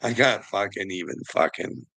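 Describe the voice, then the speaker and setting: A man in a profane, emotional rant who swears constantly, laughs between lines and swings from low muttering to shouting. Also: normal speed, gravelly, low-quality recording.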